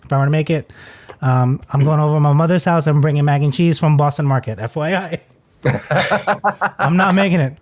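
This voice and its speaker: Higher-voiced man, joking chef podcast host. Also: moderate pace. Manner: joking, blunt, swears casually. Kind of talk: casual podcast chat.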